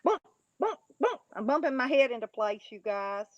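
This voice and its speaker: A woman's voice: high-pitched, sing-song, normal speed, no echo. Livestream host, woman, mocking and laughing, dry and slightly dull sound. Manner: mocking, taunting, laughing often. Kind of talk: casual livestream chat, reading and answering chat.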